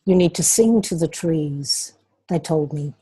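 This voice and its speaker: Calm and measured, a woman speaking coach walks through her ideas as though answering questions, teaching with patience. Her lowish, rounded, resonant voice carries a breathy edge.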